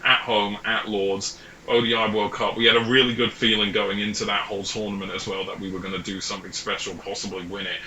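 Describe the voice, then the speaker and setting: A man's voice: fairly low pitch, flat delivery, fast talker, pushed and bright, a little hiss or hum. A young Englishman hosting a casual sports chat, enthusiastic and jokey. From England. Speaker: host. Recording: roomy echo.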